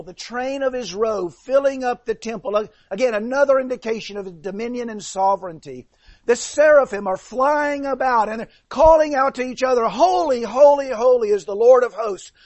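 A man preaches a sermon to his congregation, earnest and plain-spoken, often doubling words as he restarts a thought. His voice sits high for a man. The sound is dry and close, with no room echo.

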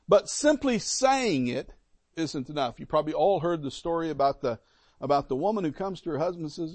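A man's voice: sits high, a little fast, dry recording. A middle-aged man preaching a sermon as a pastor, emphatic and repeating key points. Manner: emphatic, repetitive, animated.

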